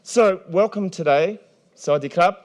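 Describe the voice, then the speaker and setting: A man moderating a conference panel in a large hall, energetic and playful, often restarting his sentences. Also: high voice, normal speed.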